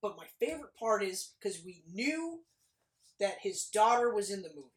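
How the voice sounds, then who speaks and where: A woman chatting casually about a movie, animated and swearing freely as she acts out scenes. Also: mid-range voice, moderate pace. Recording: echoey room.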